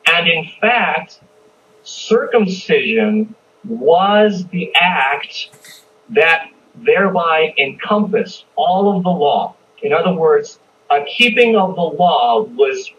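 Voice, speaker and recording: A man leads a church Bible study, talking the passage through in a conversational way and often asking the room questions. His voice sits a little high for a man. The recording is distant and dull, with a faint hiss behind him. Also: fairly bright tone. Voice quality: conversational, repeats and restarts, asks the listeners questions. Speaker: pastor teaching a Bible study. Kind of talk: expository Bible teaching.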